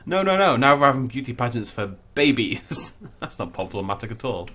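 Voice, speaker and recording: A man's voice: medium pitch, sing-song, brisk, sharp tone. A man giving casual, playful commentary while he plays a video game, full of jokey asides. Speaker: let's play host.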